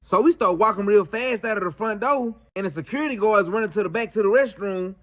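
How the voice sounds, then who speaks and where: High-voiced man telling a slangy story. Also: fairly quick. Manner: slangy, animated retelling with lots of fillers. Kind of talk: casual storytime.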